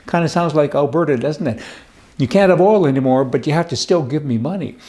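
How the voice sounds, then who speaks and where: Folksy joking man with a mellow voice. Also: on the high side, fairly quick. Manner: folksy, joking, opinionated ranting. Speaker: political commentator. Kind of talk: casual opinion monologue with jokes.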